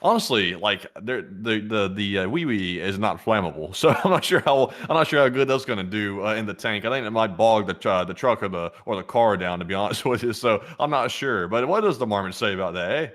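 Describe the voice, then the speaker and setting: A man's voice: on the low side, expressive, fairly quick, few pauses, a bit bright. A man co-hosting a live stream who reads out viewer super chats and chats about them, often stumbling and correcting himself. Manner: chatty, with stumbles and self-corrections. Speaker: co-host reading super chats.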